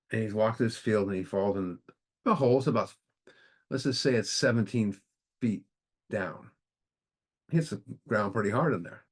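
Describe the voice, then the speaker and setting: A low-voiced man leads a study group, telling a story in an easygoing, conversational manner. He often stops and restarts mid-sentence as he talks. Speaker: recovery book study leader. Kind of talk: casual storytelling talk.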